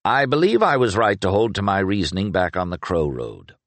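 A man's voice: deep voice, big pitch swings, a little fast, fairly bright tone, no room sound. A man voicing a stern, impatient investigator in an audiobook, speaking in curt, clipped lines. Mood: terse. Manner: curt, clipped speech through gritted teeth. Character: stern grim male investigator, terse and impatient. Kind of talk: audiobook character reading.

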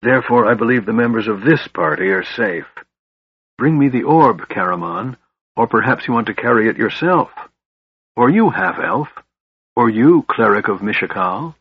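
A man voicing a frail, bitter young male mage who talks in a sharp, scornful way. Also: medium pitch, lively intonation, moderate pace, creaky, slightly rough, no echo, muffled recording, voice pushed up.

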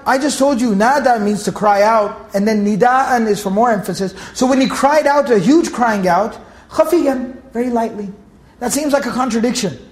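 A man giving a Quran commentary lesson, explaining slowly and repeating key words for emphasis. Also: sits high, a little mellow. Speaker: Quran teacher. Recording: echoey room.

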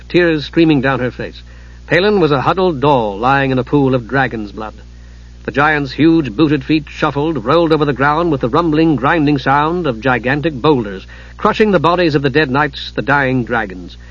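A man reading a fantasy novel aloud in measured, dramatic audiobook narration. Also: fairly high pitch, animated. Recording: dull lo-fi recording.

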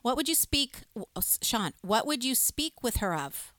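A woman's voice: fairly high pitch, very animated, normal speed, fairly bright tone, no room sound. A woman co-hosting a live music stream, chatting with enthusiasm and reading viewer comments aloud. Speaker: co-host of a music livestream. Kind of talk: casual live-stream chat.

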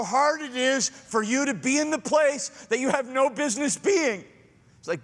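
Dramatic high-voiced male preacher. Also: animated, moderate pace, long reverb tail. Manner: dramatic, swinging from quiet to loud. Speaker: pastor. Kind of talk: sermon.

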